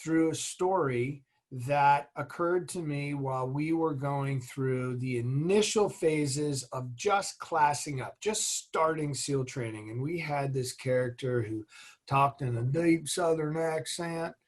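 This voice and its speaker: A man's voice: a little high, slow. A middle-aged man, a guest in an interview, speaking in an earnest, motivational way as he tells stories about leadership. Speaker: guest, former military officer and executive. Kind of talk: interview conversation.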